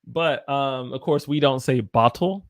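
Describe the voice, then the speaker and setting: An American man gives a relaxed livestream English lesson, repeating words to demonstrate them. His voice sits in a middling pitch. It is recorded close and dry. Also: measured pace, no room sound. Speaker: English teacher. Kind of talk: casual livestream pronunciation lesson.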